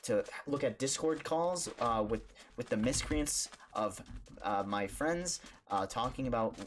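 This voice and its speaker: A young man, a streamer, telling a story casually and animatedly, putting on high voices for the people in it. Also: lively intonation, unhurried, slight background noise.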